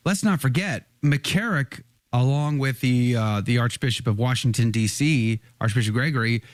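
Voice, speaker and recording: A man's voice: medium pitch, moderate pace, no room sound. A male host posing indignant, rhetorical questions to his guest in a pointed interview.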